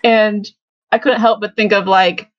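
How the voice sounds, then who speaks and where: A woman's voice: mid-range voice, steady tone, a little slow, dry recording, dull audio. A young woman hosting a casual fan podcast, chatty and giggly, with lots of fillers. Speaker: podcast host.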